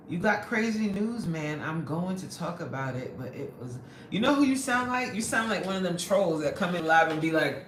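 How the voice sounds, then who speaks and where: A woman's voice: lowish voice, expressive, moderate pace, a little hiss or hum. A woman hosting a livestream, chatting casually, laughing often and greeting viewers by name. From New York. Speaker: livestream host. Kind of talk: casual livestream chat reading comments. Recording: echoey room, voice off mic.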